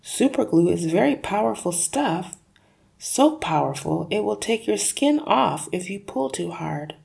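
A woman reading a children's book aloud in a lively, dramatic storytelling voice. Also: mid-range voice, unhurried, creaky. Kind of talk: expressive read-aloud narration.

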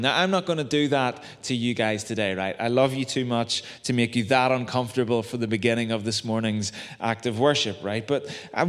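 A young adult man with a Northern Irish accent preaching a sermon in a chatty, self-deprecating way, full of tag questions. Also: mid-range voice. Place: church hall. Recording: long reverb of a church hall.

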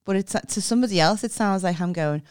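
A woman's voice: medium pitch, fast talker, darkish tone, smooth, no room sound, studio quality. A middle-aged woman with a Liverpool accent chatting casually on a podcast, blunt and abrupt-sounding, swearing freely. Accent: Liverpool (Scouse). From Liverpool, England. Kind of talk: casual chat. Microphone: close podcast mic.

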